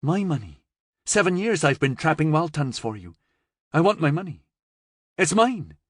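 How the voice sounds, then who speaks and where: A man voicing a desperate, frightened father in an audiobook, pleading and straining into shouts. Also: on the high side, big pitch swings, moderate pace, no echo, studio quality, voice pushed up. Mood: outraged. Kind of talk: audiobook character voice.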